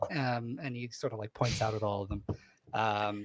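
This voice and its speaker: A man's voice: medium pitch, a little fast. A man narrating a tabletop game as game master, rambling with lots of "like" and "um".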